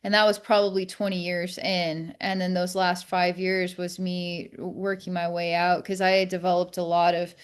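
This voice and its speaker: A woman speaking as a podcast guest, telling a personal story candidly in a reflective, halting way with many restarts. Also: fairly low pitch, little pitch movement, clear, resonant tone.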